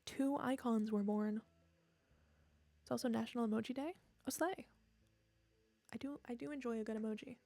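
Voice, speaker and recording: A young woman streamer chats in a tired, rambling way, often laughing at herself. Her voice sits a bit high with a gravelly fry at the ends of phrases. The sound is close and dry on a desk mic, with no room around it. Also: steady tone, brisk, dark tone, no echo. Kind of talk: casual stream chat. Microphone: desk microphone.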